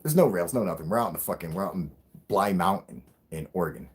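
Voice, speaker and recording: A man co-hosting a casual live stream, telling a story excitedly and swearing constantly. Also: low voice, fast talker, slightly rough.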